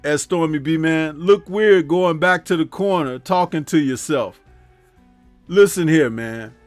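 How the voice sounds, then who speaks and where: A man's voice: on the high side, measured pace, no echo, faint music behind. Chatty man hosting a live stream. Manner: laughs at his own jokes, keeps tagging remarks with "huh?"; reads viewer chat aloud and talks back to it. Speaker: host. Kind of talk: casual live-stream commentary.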